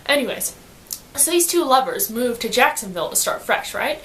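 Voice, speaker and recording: A woman giving a casual book summary in slangy, animated storytelling, acting out quotes as she goes. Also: on the high side, normal speed, a little hiss or hum. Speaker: student reviewer.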